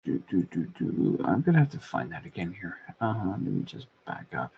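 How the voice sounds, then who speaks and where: An older man with a husky voice, telling a meandering, crude story in casual podcast chat. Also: deep voice, huge pitch swings, moderate pace, muffled recording, a little hiss or hum. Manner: crude, meandering, many restarts. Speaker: podcast co-host.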